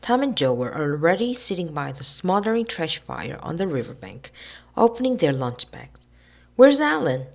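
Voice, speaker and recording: Low, gravelly woman reading a storybook. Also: moderate pace. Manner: expressive, with character voices. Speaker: narrator.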